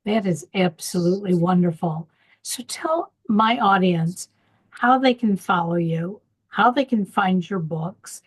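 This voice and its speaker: A woman hosting a podcast interview, with a husky, slightly breathy voice. She encourages her guest and asks follow-up questions at an easy conversational pace. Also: fairly low pitch, unhurried, low-quality recording. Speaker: podcast host. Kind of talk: casual interview chat.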